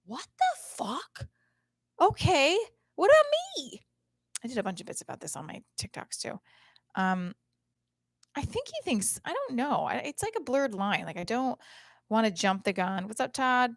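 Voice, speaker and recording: A woman's voice: mid-range voice, very animated, normal speed, vocal fry, no room sound. A chatty woman in her thirties talks straight to her listeners in a loose, rambling way, swearing and trailing off into fillers. Her voice sits in an ordinary middle range. The recording is close and dry, with no room sound. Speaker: podcast host. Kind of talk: casual live-stream monologue. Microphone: home setup, streaming and recording at once.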